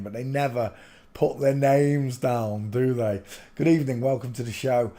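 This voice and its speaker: A man hosting a rambling livestream chat from a room at home, often bursting out loudly. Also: mid-range voice, unhurried. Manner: rambling, with sudden loud outbursts. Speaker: livestream host.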